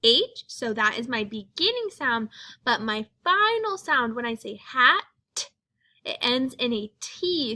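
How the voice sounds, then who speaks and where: A woman's voice: on the high side, sing-song, a little slow, sharp tone. A woman teaching young children a phonics lesson, speaking patiently and sounding out each letter.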